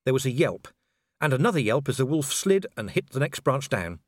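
A man's voice: mid-range voice, very animated, a little fast, dry recording, studio quality. A man narrating an audiobook with dramatic storytelling and character voices. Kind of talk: scripted narration.

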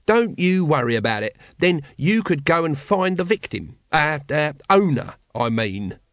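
A man's voice: on the high side, big pitch swings, measured pace, no room sound, studio quality, pitched above the performer's own voice. A man voicing a cynical, scruffy small corporal who wheedles out of the corner of his mouth. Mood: eager.

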